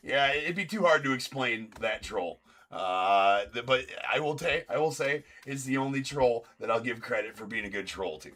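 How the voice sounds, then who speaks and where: A man's voice: medium pitch, expressive, moderate pace, a bit bright. A man hosting a live card break stream, calling out pulled cards and bantering with viewers in chat.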